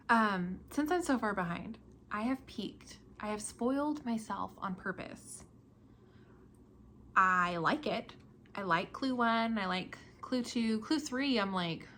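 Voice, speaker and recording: A woman's voice: a little high, measured pace, pushed and bright, slight background noise. A young woman hosting a casual podcast, chatting about her projects in a chatty, self-deprecating way and laughing often. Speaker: podcast host.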